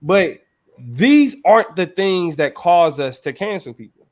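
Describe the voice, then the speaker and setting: A man's voice: high-pitched, lively intonation, measured pace, darkish tone. A man co-hosting a casual podcast chat. He speaks emphatically, swears freely, and restarts his sentences often. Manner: emphatic, profane, many restarts. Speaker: podcast co-host.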